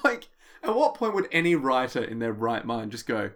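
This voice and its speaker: A man co-hosting a podcast talks in a casual, jokey way. His pitch swings widely as he teases and mimics others. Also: normal speed. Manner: animated and jokey, slips into mocking voices. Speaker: podcast co-host. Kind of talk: casual chat.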